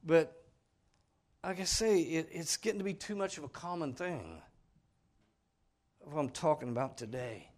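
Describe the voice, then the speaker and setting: A man's voice: a little high, animated, moderate pace, pauses often. Earnest folksy preacher man. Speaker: pastor. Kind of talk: sermon.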